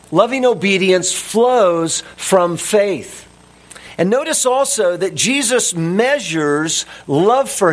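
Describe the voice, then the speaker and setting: A man preaching a sermon as a pastor, deliberate and emphatic, repeating his key phrases. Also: high voice.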